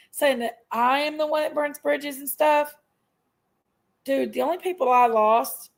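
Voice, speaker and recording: A middle-aged woman with a high, gravelly voice, ranting on a live stream. She vents in an aggrieved, emphatic way and circles back to the same points. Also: rough recording. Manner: aggrieved, emphatic venting, repeats herself. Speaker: livestream host. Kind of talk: casual live-stream rant.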